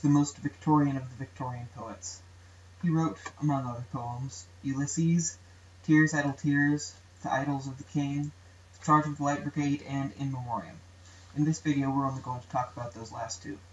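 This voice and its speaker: A man's voice: mid-range voice, distant mic. A young man walks through a poetry lesson in a plain, explanatory voice and now and then chants out a rhythm. He sounds set back from the mic in a roomy space. The recording is dull and lo-fi, with a faint hiss underneath. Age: young adult. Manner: plain explanatory delivery, tapping out rhythms aloud. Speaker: student presenter. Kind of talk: educational video narration.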